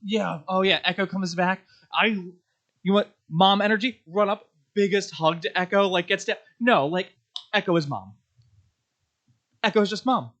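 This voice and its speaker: Bright-voiced rambling podcast co-host man. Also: high-pitched, moderate pace. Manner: rambling, lively, many likes and restarts. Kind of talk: casual chat.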